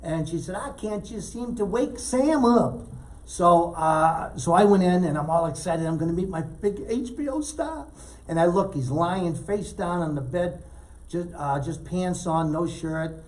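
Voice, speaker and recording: Animated storytelling man. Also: a little high, normal speed, far from the mic, rough recording. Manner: animated storyteller, acts out quotes loudly. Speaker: guest. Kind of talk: storytelling chat.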